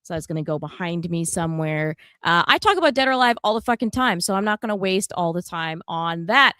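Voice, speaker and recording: A woman's voice: fairly low pitch, expressive, quick pace, bright, forceful tone, clear, resonant tone, dry recording, clean studio sound. A woman co-hosting a gaming podcast in casual chat, blunt and chatty, swearing freely. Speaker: podcast co-host.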